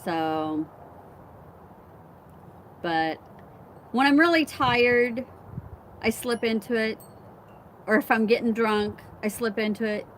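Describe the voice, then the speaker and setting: Slow-talking woman, faint Southern Illinois twang. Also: fairly high pitch, slight background noise. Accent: faint Southern Illinois, on certain words. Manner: chatty, storytelling, agreeable asides. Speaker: host chatting with viewers. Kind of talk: casual chat.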